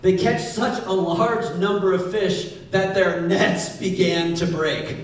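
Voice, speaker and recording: A male pastor preaching a sermon in a playful, lively way, often acting out voices. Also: sits high, slow pace. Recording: echoey hall, distant mic.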